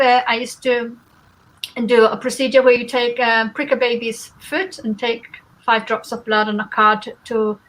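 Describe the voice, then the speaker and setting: A woman's voice: fairly high pitch, fairly bright tone, low-quality recording. A woman who is a guest speaker giving a spiritual talk. She talks in a conversational way and explains her points with everyday examples.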